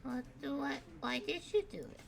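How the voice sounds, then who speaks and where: A woman voicing an excitable little kindergarten boy who blurts out bewildered questions. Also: high voice, normal speed, gravelly, voice pushed up. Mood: confused.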